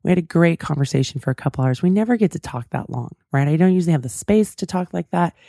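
A woman's voice: low-pitched, animated, quick pace, gravelly, mellow, no room sound, studio quality. A woman hosting a talk show, telling a personal story in a chatty, reflective way with lots of asides. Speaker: podcast host. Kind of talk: casual storytelling monologue.

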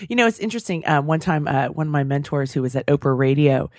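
A woman hosts a podcast interview, thinking out loud and encouraging her guest. Her voice is low for a woman. The recording is close and dry. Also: expressive, fast talker, dry recording. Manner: reflective, encouraging, frequent affirming murmurs. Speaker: podcast host. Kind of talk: casual interview chat.

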